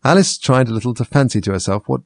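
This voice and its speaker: A man reading a storybook aloud with steady, measured narration. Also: medium pitch, gravelly, no room sound.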